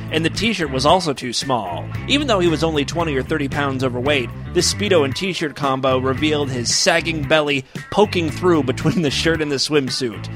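A man doing a mock-dramatic comic reading of a story, with wry asides and tongue-in-cheek delivery. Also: fairly high pitch. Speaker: comic reader of an erotic story.

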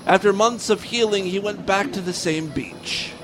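A man hosting a comedy podcast, narrating a crude story in an animated, jokey way. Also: high-pitched, moderate pace, low-quality recording. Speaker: podcast host.

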